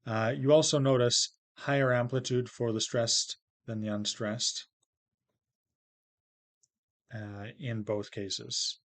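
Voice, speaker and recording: A man giving a recorded linguistics lecture, explaining things in a relaxed way and often pausing on "uh". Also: fairly low pitch. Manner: relaxed, explanatory, with frequent uh fillers.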